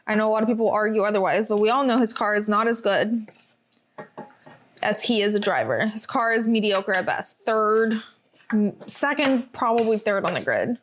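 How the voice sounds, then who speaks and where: A woman's voice: mid-range voice, expressive, normal speed, a little hiss or hum. A young woman hosting a podcast, chatting casually and enthusiastically through a race recap with lots of fillers. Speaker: podcast host.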